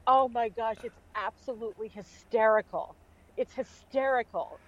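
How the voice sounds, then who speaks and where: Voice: mid-range voice, normal speed, fairly bright tone, no room sound. Chatty co-host on a slightly dull recording. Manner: chatty, laughs easily. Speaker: podcast co-host. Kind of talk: casual chat.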